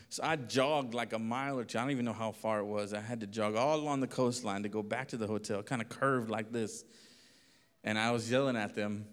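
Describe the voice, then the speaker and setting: A pastor telling a lively story in a sermon, acting out voices and laughing often. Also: male voice, mid-range voice, a little fast. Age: adult. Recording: long reverb of a hall.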